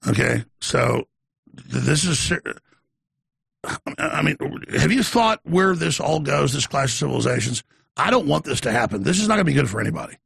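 Gravelly, intense male radio host. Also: a little high, sing-song, normal speed, a bit bright, no echo, clean studio sound. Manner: blunt, intense, mocking. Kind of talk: call-in talk radio.

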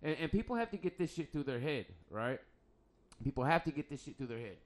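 A man's voice: a little high, expressive, fast talker. Blunt, profane man in casual chat. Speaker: podcast host; electrician by trade.

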